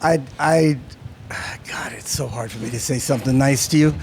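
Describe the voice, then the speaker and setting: A man's voice: mid-range voice, normal speed, gravelly, noisy background. A man hosting a casual chat, dry and teasing, with hesitant restarts. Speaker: host. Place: bar set.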